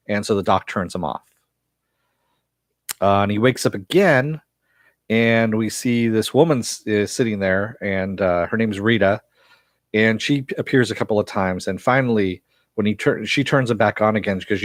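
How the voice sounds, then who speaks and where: A man with a lowish voice talks through a TV episode in a relaxed, rambling recap, with lots of "uh" fillers and a bit of swearing. The sound is close and dry, with no room around it. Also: moderate pace, no room sound. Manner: chatty, loose retelling with frequent uh fillers and mild profanity. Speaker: TV series reviewer.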